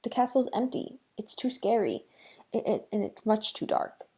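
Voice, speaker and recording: A woman voicing a timid, brainy male mouse in a storybook reading, stammering and whining loudly. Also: medium pitch, lively intonation, normal speed, husky. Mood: panicked. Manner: stammering, whiny, loud.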